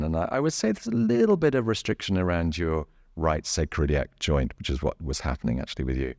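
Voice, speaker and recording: A man with a very low, deep voice talks through body mechanics in an easygoing, careful way. He chuckles often and stumbles over his restarts. The sound is dry and close. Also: very animated, dry recording. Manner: gentle, chuckling, halting with many restarts. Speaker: bodywork therapist. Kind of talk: casual explanatory chat.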